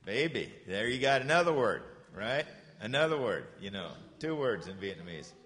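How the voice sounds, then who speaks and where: A man teaches a group of children with a patient, encouraging voice at an ordinary middle pitch. He slowly repeats short phrases so they can echo them. The sound carries a long reverb from the room. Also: very animated, a bit bright. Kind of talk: classroom lesson for children.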